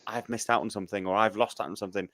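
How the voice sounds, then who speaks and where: A man's voice: fairly low pitch, steady tone, very fast, fairly bright tone. A man hosting a podcast, talking casually and reflectively, often stumbling through false starts. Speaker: podcast host. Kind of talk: casual chat.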